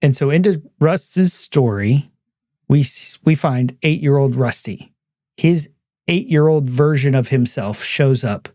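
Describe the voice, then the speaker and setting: Male podcast host, warm and dry, steady and thoughtful. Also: mid-range voice, unhurried, no room sound. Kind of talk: movie discussion podcast.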